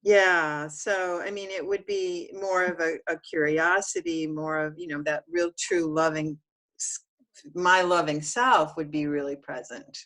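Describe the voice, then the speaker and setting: Halting, soft-spoken low-voiced woman. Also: steady tone. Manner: hesitant and halting, with many restarts. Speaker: client in a guided self-inquiry session. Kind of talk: reflective one-on-one session talk.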